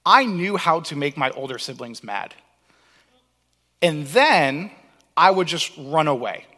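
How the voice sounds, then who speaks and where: A young man from Cape Cod preaching a sermon as pastor, telling lively stories and acting out the lines he quotes. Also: on the high side, measured pace. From Cape Cod, Massachusetts. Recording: long hall reverb.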